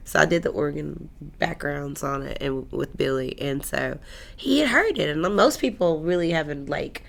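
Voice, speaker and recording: A woman musician, a guest in an interview, telling stories in a lively, animated way. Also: deep voice, normal speed, creaky. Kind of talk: casual interview storytelling.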